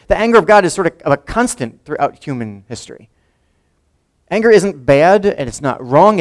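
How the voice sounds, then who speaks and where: Man preaching a conversational sermon. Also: fairly high pitch. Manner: conversational, asks the congregation questions. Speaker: pastor.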